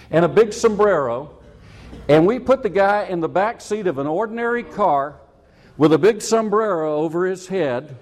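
Lively, animated storytelling preacher man. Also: a little high. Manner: chatty, self-mocking storyteller who chuckles at his own jokes. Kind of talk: sermon with a personal story.

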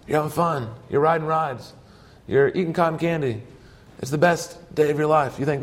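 A man's voice: fairly high pitch, fairly even intonation, moderate pace. A man preaching a sermon, telling stories earnestly in short emphatic phrases.

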